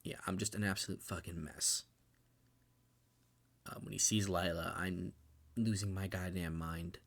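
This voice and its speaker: Young male co-host, very low and gravelly, loose run-on recap with heavy swearing. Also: fairly even intonation, a little slow. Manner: emotional, swears freely, loose run-on retelling. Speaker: podcast co-host. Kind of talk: casual movie recap chat.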